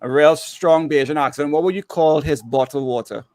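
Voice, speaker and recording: Playful co-host, high voice, dry sound. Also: male voice, normal speed, darkish tone, no echo. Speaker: podcast co-host. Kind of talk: casual chat.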